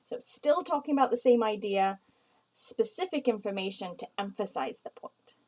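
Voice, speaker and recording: A woman from the United States teaching a writing lesson, explaining slowly and reading example sentences aloud. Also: mid-range voice, expressive, a little mellow, rough recording.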